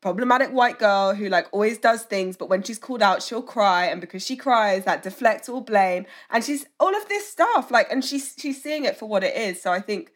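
A woman's voice: mid-range voice, lively intonation, moderate pace, hardly any pauses. A woman in her twenties hosting an interview, chatty and casual with many "like"s and restarts. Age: 20s. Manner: chatty, lots of likes and restarts. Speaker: host.

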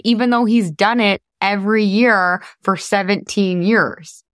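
A woman's voice: medium pitch, fairly even intonation, unhurried, few pauses, no echo. A woman hosts a podcast in a casual coaching monologue, candid and chatty, with a mid-range voice. She swears offhandedly and laughs easily. The sound is dry and close, with no room around it. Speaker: podcast host.

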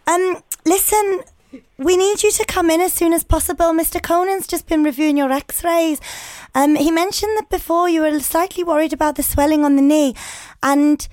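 A woman's voice: very high voice, steady tone, darkish tone, dry recording, voice pushed up. A woman putting on a Liverpool accent to play a formal female hospital secretary on a phone call. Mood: officious. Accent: put-on Liverpool. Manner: formal, measured phone politeness.

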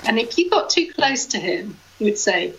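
Woman co-host, chatty and giggly, bit of a higher voice. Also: very animated, moderate pace, creaky, a bit bright, lo-fi sound, a little hiss or hum. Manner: chatty, anecdotal, laughs easily. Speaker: podcast co-host. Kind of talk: casual chat.

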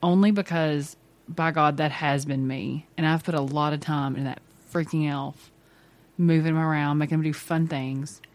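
A mother chatting casually about her family, talkative and quick to laugh. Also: deep voice, steady tone. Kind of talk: casual chat.

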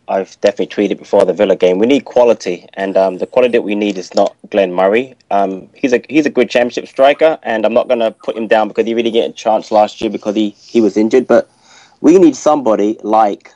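A man on a football podcast panel, speaking in a measured way with frequent ums. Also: on the low side, dark tone, dry recording. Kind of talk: casual chat. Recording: dull, dry, lo-fi sound.

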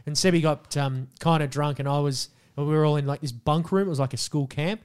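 A man's voice: fairly high pitch, fairly quick, clean tone. A man co-hosting a podcast, telling crude stories in casual chat and acting out scenes. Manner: animated storytelling, acts out scenes. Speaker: podcast co-host.

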